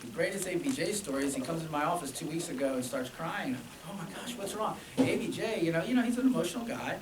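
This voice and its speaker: A man's voice: a little high, animated, fast, crowd noise. A man, a band director, talking casually to alumni, chatty and telling stories with quoted dialogue. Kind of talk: informal speech to alumni. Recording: echoey room from far off, with noise.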